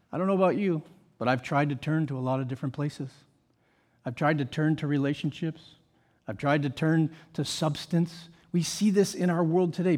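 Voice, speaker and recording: A man with a high voice preaching a sermon from the pulpit. He is an emphatic pastor who keeps asking the congregation rhetorical questions. He slips easily into casual asides. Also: a little mellow, slightly rough.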